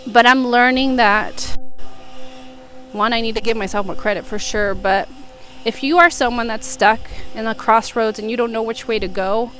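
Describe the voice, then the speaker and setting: A young American woman speaks in a soft, reflective confessional tone, wandering from thought to thought. Her voice sits a little high, and faint music plays underneath her home vlog. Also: normal speed. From United States. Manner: reflective, rambling, soft-spoken. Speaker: vlogger. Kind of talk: emotional confessional monologue.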